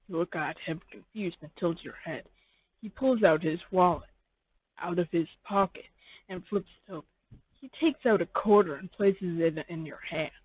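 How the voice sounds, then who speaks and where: A narrator reading a fan fiction story in slow, rambling second-person narration. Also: mid-range voice, slightly rough. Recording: tinny phone-like dry sound.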